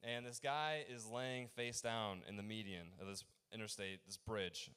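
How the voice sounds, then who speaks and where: A man's voice: on the low side, steady tone, pushed and bright, clean tone. Rambling young man doing stand-up. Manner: rambling, halting with fillers and restarts. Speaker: open mic comedian. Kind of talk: stand-up comedy set.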